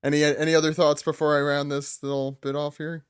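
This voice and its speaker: A man's voice: fairly high pitch, flat delivery, brisk, clean tone, dry recording, clean studio sound. A man hosting a podcast, joking and keeping a group of guests in order. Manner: playful, jokey, moderating. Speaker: podcast host. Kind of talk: casual chat.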